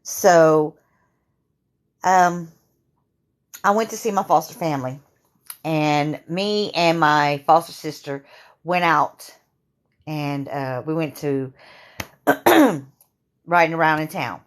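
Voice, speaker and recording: A woman in her fifties with a sore throat, telling her own story to camera in a halting way, full of fillers and restarts. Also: sits low, expressive. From Louisiana. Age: 50s. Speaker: vlogger.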